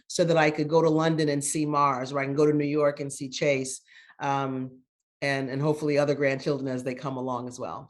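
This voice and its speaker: An older grandmother, appearing as an interview guest, tells a story in an earnest, motivational way, repeating words for emphasis. Her voice is low-pitched.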